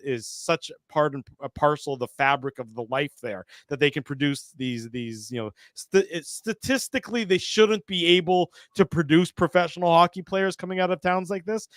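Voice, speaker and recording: A man's voice: medium pitch, no room sound, clean studio sound. A man hosting a hockey podcast, chatting casually and stammering as he starts his thoughts. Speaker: podcast host.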